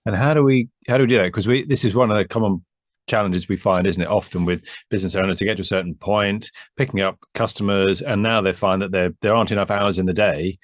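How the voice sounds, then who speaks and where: A man's voice: fairly low pitch, steady tone, fast talker, dry recording, studio quality. A man co-hosting a business advice discussion, speaking conversationally and prompting with questions. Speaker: business advisor and co-host.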